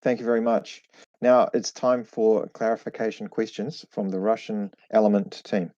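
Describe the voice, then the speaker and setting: A man's voice: on the low side, fairly even intonation, moderate pace, dark tone, no room sound. A man chairing an online science tournament session, formal and procedural, over a computer mic on a video call. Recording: dull lo-fi call audio.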